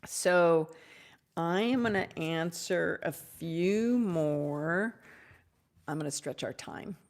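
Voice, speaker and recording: A woman hosting a live Q&A on spiritual topics, effusive and gushing, sometimes dropping into soft whispers. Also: lowish voice, slow pace. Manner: warm, effusive, drops to soft whispers at times. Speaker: host answering audience questions.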